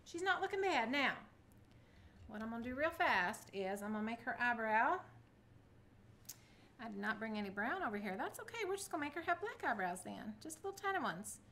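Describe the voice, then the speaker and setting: A woman's voice: on the high side, very animated, fairly quick, fairly bright tone, slight background noise. A middle-aged woman, chatting through a casual craft tutorial and cheering herself on as she works. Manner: chatty, self-encouraging, talks to viewers. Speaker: craft vlogger.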